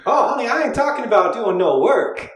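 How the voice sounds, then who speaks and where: A forward, flirtatious woman at a tavern table, her voice pitched high and drawling, as a man puts her on. She leans in with lively, swooping intonation, and the room behind her rings with echo under a faint hiss. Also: a little fast. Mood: flirty.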